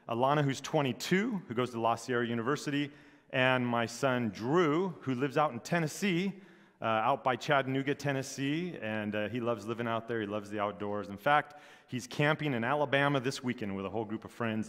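A middle-aged man from Southern California, a pastor opening a sermon in a relaxed, joking way with many fillers. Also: medium pitch. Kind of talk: sermon introduction. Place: church sanctuary. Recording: long church hall reverb.

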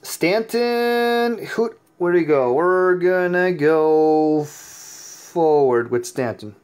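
A tired, sleepy man giving chatty, excitable gameplay commentary as host of his own channel, laughing often. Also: a little high, drawn-out words, smooth. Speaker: mobile game player and YouTube host.

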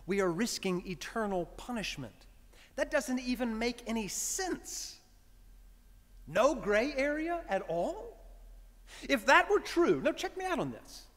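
A priest preaching a conversational, story-driven sermon. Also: male voice, sits high, fairly bright tone. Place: church sanctuary. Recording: reverberant church hall.

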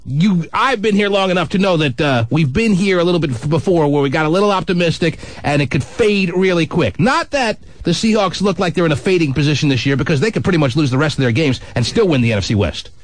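Wry, lively-pitched radio host man. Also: dry recording. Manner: wry, teasing, quick banter. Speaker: radio talk show host. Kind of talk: call-in radio chat. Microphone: studio microphone.

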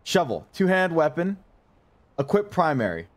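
A man's voice: on the high side, very animated, normal speed. Profane joking male streamer. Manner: joking, profane, addresses chat directly. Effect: voice changer being tested. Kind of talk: casual livestream chat.

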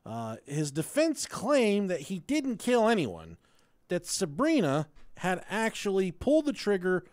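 A man's voice: sits high, darkish tone, no echo. A man co-hosting a podcast, telling a true-crime story in a casual, profane way and laughing along. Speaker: podcast co-host.

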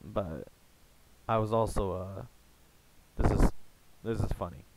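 A young American man chatting casually in a rambling, halting way, full of fillers and restarts. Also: on the low side, a little mellow, low-quality recording. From United States. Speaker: gaming YouTuber. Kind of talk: casual rambling vlog chat.

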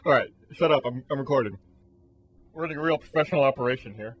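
A man's voice: medium pitch, quick pace, a crowd in the background. A man joking around between takes as a voice actor in a recording session. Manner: joking, self-mocking.

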